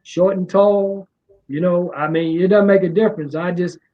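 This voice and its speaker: In a casual interview recorded with muffled, low-fidelity sound, a middle-aged D.C. music promoter talks at normal speed in a steady tone. He drawls a bit, wanders off topic, and leans on the same fillers again and again.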